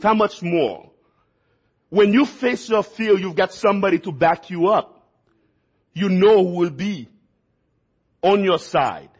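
A man with a high, husky voice preaches a sermon in a folksy storytelling way. He repeats words and phrases for emphasis.

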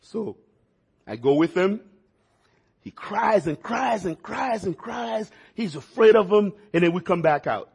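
A man's voice: sits high, expressive, unhurried, gravelly, darkish tone, slightly rough. A man preaching a sermon, telling folksy stories and repeating words for emphasis. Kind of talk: sermon with personal storytelling.

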